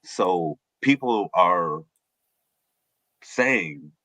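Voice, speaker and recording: A man on a podcast panel, talking in a deliberate, searching way with pauses. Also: low voice, expressive, pushed and bright, slightly rough, no room sound. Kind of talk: casual discussion.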